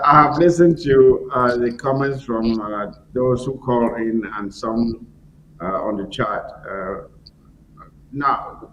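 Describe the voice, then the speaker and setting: A man from Anglophone Cameroon calling in to a political talk show, forceful and repeating his key points for emphasis. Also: mid-range voice. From Ambazonia (Anglophone Cameroon). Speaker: caller. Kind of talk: emphatic political call-in commentary. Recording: roomy call-in audio with faint background noise.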